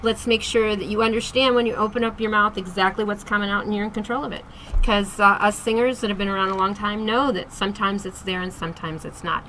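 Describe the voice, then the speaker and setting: A woman's voice: mid-range voice, fairly even intonation, quick pace, fairly bright tone, slight background noise, rough recording. A woman hosting a casual interview, chatty and upbeat, giving a singer's advice. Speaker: host and singing teacher. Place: Las Vegas.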